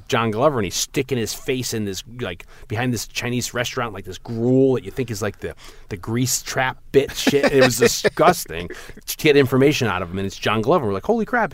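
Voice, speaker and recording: A man chats on a podcast, spinning long rambling movie stories. His pitch sits in the middle and jumps up whenever he acts out a quote. The recording is close and dry, with no room around him. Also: no echo. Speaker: podcast co-host. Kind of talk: casual chat about movies.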